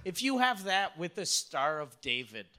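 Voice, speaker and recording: A man's voice: sits high, sing-song, moderate pace, sharp tone. A man co-hosting a podcast in casual chat, joking crudely and laughing along. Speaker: podcast co-host.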